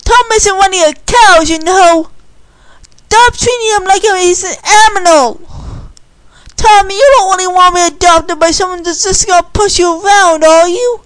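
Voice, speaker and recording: A woman voicing a spirited, hot-tempered orphan girl in a read-aloud story, with a shrill, excited voice. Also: a little slow, dry recording, rough recording. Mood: fiery.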